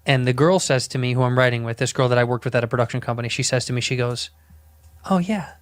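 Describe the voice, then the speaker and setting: A man casually telling a story, swearing freely and acting out the quotes in an animated way. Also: mid-range voice, rapid-fire, smooth, dry recording. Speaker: storyteller guest.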